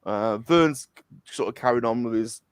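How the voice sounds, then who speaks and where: A man's voice: medium pitch, unhurried, clear, resonant tone, no echo, studio quality. A man chatting as a show guest, rambling and repeating himself. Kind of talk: casual chat.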